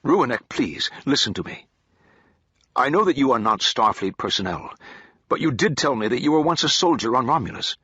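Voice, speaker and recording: A man raises his voice to play a precise male android officer who speaks in exact, formal sentences. The tone is sharp and a little husky, pitched above the narrator's own. The storybook recording is dry and dull. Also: lively intonation, moderate pace, no room sound. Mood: earnest.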